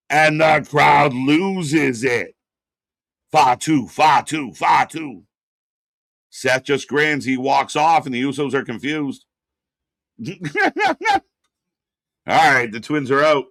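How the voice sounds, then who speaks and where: A man with a mid-range voice co-hosts a live wrestling watch party, recorded in clean studio sound with no echo. He reacts and chats casually, rambling with fillers and occasionally breaking into loud, excited bursts.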